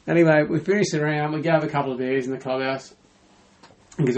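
Australian man, slightly high voice, casual storyteller, laughs a lot. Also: steady tone, fast. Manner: laughs often while telling stories.

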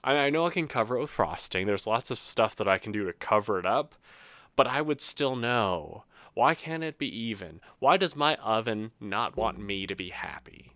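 Smooth-voiced man venting casually. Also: lowish voice, expressive, moderate pace, fairly bright tone, dry recording. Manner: rambling, self-mocking venting with laughs. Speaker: host. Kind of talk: casual solo monologue.

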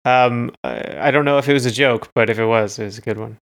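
Man, mid-pitched voice, relaxed and wry, podcast co-host, casual chat. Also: fast, gravelly. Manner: relaxed, wry, hesitant fillers. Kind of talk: casual chat about music.

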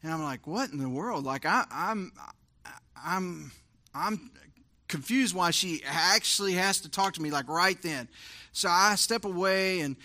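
A man, preaching a sermon, who shifts between hushed storytelling and fervent praise. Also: sits high, unhurried. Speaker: pastor.

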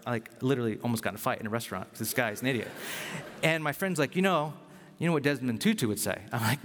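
A male pastor giving a sermon, conversational and animated as he tells a personal story. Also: medium pitch, quick pace, slight background noise. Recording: long reverb of a large hall.

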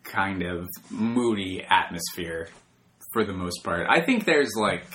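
A man's voice: low-pitched, animated, slow, fairly bright tone, slight background noise. A man hosting a podcast, chatting about a movie in an easygoing way. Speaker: podcast host. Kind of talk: casual movie discussion.

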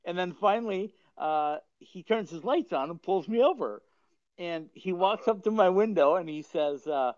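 A man's voice: fairly high pitch, animated, moderate pace, a little mellow, no room sound. A man hosting a podcast who chats and tells stories casually, rambling and often chuckling mid-sentence. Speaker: podcast host. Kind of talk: casual storytelling chat. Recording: dull lo-fi dry sound.

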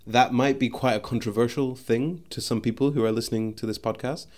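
This podcast host speaks at medium pitch, briskly, in a steady and slightly mellow tone. Alone at the mic, he muses thoughtfully and keeps restarting sentences while looking for words.

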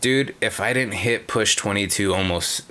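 Deep, bright-toned man, casual and profane storyteller recounting gambling nights. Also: moderate pace. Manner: profane, rambling, many fillers. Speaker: caller sharing casino stories.

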